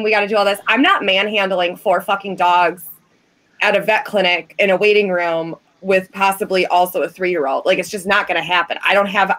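A woman co-hosting a podcast, telling a story in casual chat, quoting people and cursing freely. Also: mid-range voice. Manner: animated, profane, quoting others. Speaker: podcast co-host.

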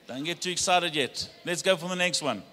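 A man preaches to his congregation, his voice high and bright. He rouses them into call-and-response declarations. The sound carries a long reverb from the church hall. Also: fairly quick. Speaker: pastor. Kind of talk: sermon. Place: church sanctuary.

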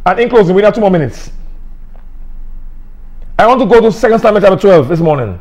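Middle-aged Saint Lucian male preacher, high-pitched, earnest and repetitive delivery. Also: lively intonation, quick pace, long pauses, a little mellow. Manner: emphatic, repetitive, plain-spoken. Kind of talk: sermon.

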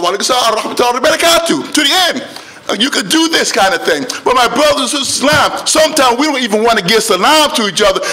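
High, bright-voiced preaching imam. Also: male voice. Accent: African American English. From United States. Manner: preaching with rising emphasis and repeated phrases. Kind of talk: convention sermon.

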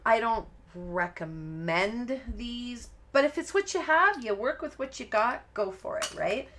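A woman's voice: fairly high pitch, lively intonation, a little slow, fairly bright tone, a little hiss or hum. A woman hosting a live-stream card-making tutorial, talking casually and rambling as she works, often breaking off mid-sentence and laughing at her own slips. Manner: chatty, rambling, self-interrupting, laughs at herself. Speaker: crafting tutorial host. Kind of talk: live-stream craft demonstration.

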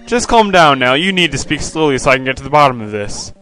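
A man's voice: mid-range voice, very animated, fast talker, bright, forceful tone, faint music behind. A man voicing a pompous, self-important penguin detective who talks in an officious, stern way.

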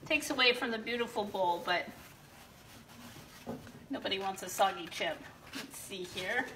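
Her mid-range voice comes a little slow and far from the mic as she frying tortilla chips at home during a live giveaway stream. Bubbly and full of whoops, she chats with her viewers. The room echoes, she's a bit off-mic, and there's faint room noise.

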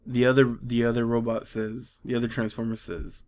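A man in the middle of a casual vlog rant, his voice sitting at an ordinary pitch. He sounds exasperated and mocking, swinging between jabs and rambling restarts. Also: level tone, moderate pace, few pauses, darkish tone. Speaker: comics vlogger. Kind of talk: casual ranting commentary.

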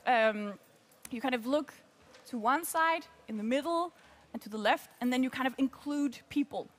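A woman coaching a group on presenting, chatty and lively, often laughing between points. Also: high voice, moderate pace. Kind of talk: workshop teaching.

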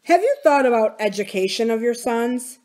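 A man's voice: very high-pitched, lively intonation, normal speed, darkish tone, voice pushed up. A woman voicing a pompous middle-aged male county supervisor, talking down in a sing-song way.

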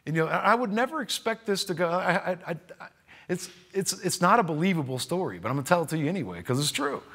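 A man who works as a contractor and trainer tells a story straight to the camera in a casual way. His voice sits a little high and swings widely. He slips into the voices of the people he quotes. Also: fast talker. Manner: animated, acts out quoted voices.

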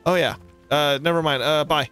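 A man's voice: fairly high pitch, moderate pace, faint music behind. Jokey young-sounding gaming man. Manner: jokey, excitable, talks to himself. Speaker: gaming channel host. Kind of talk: let's play commentary.

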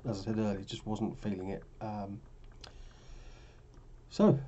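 A man's voice: on the low side, fairly even intonation, unhurried, mellow, highs cut off, a little hiss or hum. A tired man talking casually through his trading charts, rambling and correcting himself as he goes. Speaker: forex trading vlogger. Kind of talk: casual screen-share commentary.

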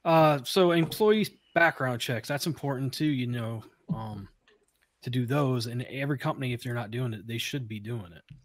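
A man's voice: medium pitch, moderate pace. A man co-hosting a podcast, chatting in an easygoing way. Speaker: podcast co-host. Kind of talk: casual chat.

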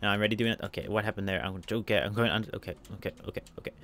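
A man's voice: lowish voice, very fast, fairly bright tone. A man commentating a video game as he plays, narrating every move, spelling out letters and repeating himself. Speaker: let's play gamer.

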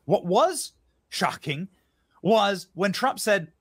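A man giving heated political commentary, indignant and quick to hurl insults, often restarting his sentences. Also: on the high side, very animated, fairly bright tone. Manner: indignant, name-calling, many restarts.

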